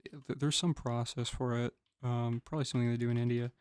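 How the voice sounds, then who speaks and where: A man's voice: medium pitch, level tone, quick pace, darkish tone, clean tone, no room sound, studio quality. Laid-back young man gaming and chatting. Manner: laid-back, swears, laughs easily. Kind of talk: casual chat while gaming. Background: keyboard and mouse clicks.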